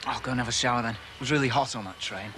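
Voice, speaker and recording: An actor playing a sullen, resentful young adult son. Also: male voice, mid-range voice, very fast, noisy background, close to an everyday voice. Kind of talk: soap opera acting.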